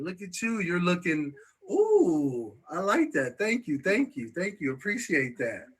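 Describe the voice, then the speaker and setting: A man's voice: sits high, huge pitch swings, a little slow, husky. A man hosting a casual talk show, loose and chatty, often repeating "you know what I'm saying.". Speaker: show host.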